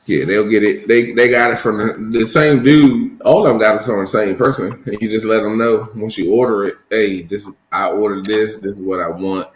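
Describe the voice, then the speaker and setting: A man's voice: on the low side, fairly even intonation, normal speed, few pauses. A man chatting casually as co-host in a laid-back drawl. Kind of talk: casual chat. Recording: echoey room, faint noise.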